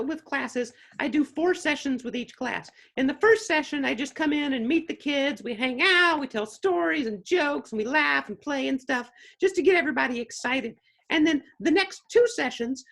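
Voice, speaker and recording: A bubbly, giggly dragon puppet, voiced by a man in a high, bright voice. He chats with guests in a playful, upbeat way and loves telling stories. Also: creaky, heavily acted. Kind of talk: puppet character interview.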